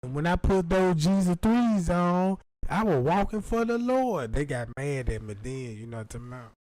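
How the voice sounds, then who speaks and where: A man's voice: fairly high pitch, expressive, normal speed, darkish tone, no echo, poor audio. Loose-talking man telling a comic story. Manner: loose, profane, full of put-on voices. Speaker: comedian. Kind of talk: rambling comic monologue.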